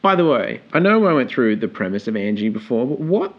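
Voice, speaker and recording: A man rambles through casual podcast chat, correcting himself mid-thought. His pitch swings widely as he talks. The sound is dull and lo-fi. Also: big pitch swings, brisk. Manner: rambling, self-correcting asides. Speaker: podcast co-host.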